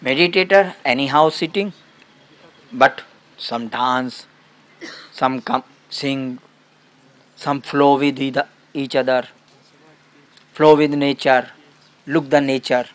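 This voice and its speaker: A man as a spiritual teacher, giving a satsang talk and telling a story in simple, broken English with short, halting phrases. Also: medium pitch.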